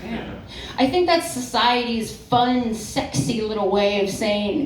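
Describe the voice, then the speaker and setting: With a fairly high, animated voice, a young woman takes her time through a rambling stand-up set at a comedy club, putting herself down and saying "like" and "um" constantly. The audio is roomy and distant, with slight background noise and audience laughter.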